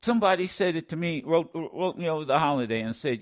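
A man's voice: fairly high pitch, animated, fast, hardly any pauses. A man hosting a talk radio show, commenting with passion, often stammering and restarting, repeating lines for emphasis like a preacher.

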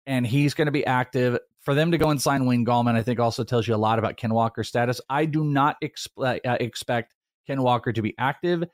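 A man co-hosting a casual football podcast, talking in a rambling, animated way with quick asides. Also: mid-range voice, dry recording, clean studio sound. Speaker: fantasy football podcast host. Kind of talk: casual sports chat.

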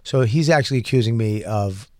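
A man's voice: on the low side, brisk, darkish tone, no room sound, studio quality. A man co-hosting a podcast, laughing a lot and playfully defending himself. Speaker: podcast co-host. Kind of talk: casual podcast banter.

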